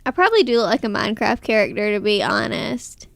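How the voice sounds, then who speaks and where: A woman's voice: mid-range voice, very animated, fast, gravelly, fairly bright tone, no echo. A woman with a strong Southern US accent, co-hosting a casual podcast chat in a living room on a close mic, talking in a chatty, slightly defensive way. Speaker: podcast co-host. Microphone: close podcast mic on a stand.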